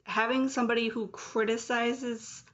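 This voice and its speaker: A woman's voice: on the high side, level tone, moderate pace, fairly bright tone. A woman in her late thirties, speaking rawly and emotionally in a personal vlog, with flashes of anger. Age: late 30s. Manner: raw, emotional, angry and confessional. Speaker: vlogger. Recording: dull lo-fi sound.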